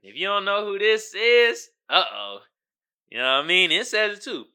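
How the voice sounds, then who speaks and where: Animated slangy male podcast host. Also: high voice, moderate pace, smooth. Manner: slangy, animated, frequent "you feel me". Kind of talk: casual commentary.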